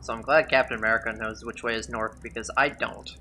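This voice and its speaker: A man's voice: medium pitch, steady tone, fast, sharp tone, slight background noise. A man giving casual gameplay commentary during a speedrun, chatty, sarcastic and rambling.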